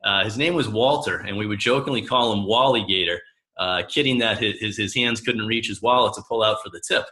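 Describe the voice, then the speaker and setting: A man in his thirties tells personal stories about family in a lively way. His voice is a little low for a man and bright, with a forward edge, and he acts out the lines of the people he quotes. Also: fairly quick. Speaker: coach. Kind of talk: personal storytelling talk.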